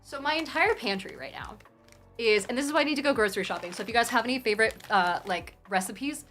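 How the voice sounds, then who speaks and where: A young woman live streaming from her phone, chatting casually with viewers in a rambling, animated way and swearing freely. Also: a little high, quick pace, soft background music. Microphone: phone mic.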